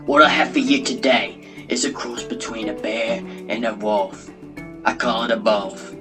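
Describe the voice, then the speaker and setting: A man's voice: medium pitch, steady tone, moderate pace, natural voice. A man voicing a brash male hybrid-animal breeder with a put-on Australian accent, boastful and blustery. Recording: background guitar music.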